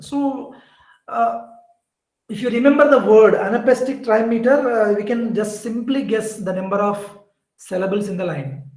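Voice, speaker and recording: A male teacher with a fairly high voice gives an online exam-prep lecture, repeating key terms and correcting himself as he works through each point. The room has a noticeable echo. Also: a little mellow. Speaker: English literature teacher.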